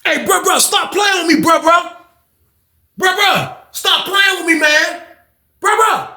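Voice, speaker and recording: A man voicing an angry male inmate locked out of his cell, yelling and repeating his demands in a high strained voice. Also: measured pace, exaggerated voice. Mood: pleading anger. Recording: roomy echo.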